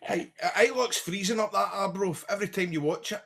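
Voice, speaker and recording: A man's voice: high-pitched, a little fast, creaky, a bit bright. A Scottish man hosting a football podcast, joking and teasing his guest in casual chat. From Scotland. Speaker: podcast host.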